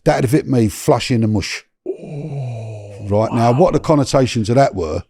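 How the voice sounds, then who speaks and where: Gravelly man spinning a yarn. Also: medium pitch, a little slow, no room sound, studio quality. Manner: animated storyteller, swears, slangy, many restarts. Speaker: podcast guest. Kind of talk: storytelling in a podcast interview.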